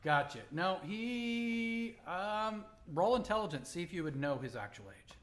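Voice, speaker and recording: A man running a tabletop role-playing game, describing the scene in a measured, descriptive way. His voice sits a little high. He gives rulings plainly. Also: lively intonation, a bit bright. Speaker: game master.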